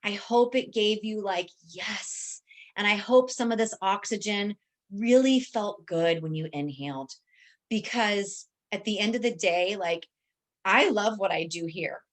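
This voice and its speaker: A woman's voice: medium pitch, a little slow. A woman coaching her team on a video call, upbeat and emphatic, repeating phrases for effect. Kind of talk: motivational team call pep talk.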